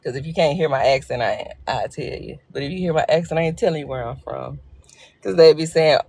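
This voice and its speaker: A woman's voice: low voice, brisk, creaky, darkish tone, husky. A woman from Arkansas with a Southern accent, chatting casually and joking with viewers on a phone livestream. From Arkansas, USA. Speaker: livestream host. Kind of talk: casual live chat.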